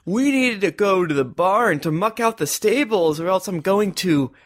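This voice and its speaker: A man playing a character in a tabletop role-play, animated and jokey, recorded close to the mic. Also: high voice, moderate pace. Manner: animated, jokey, breaks into laughter. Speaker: player.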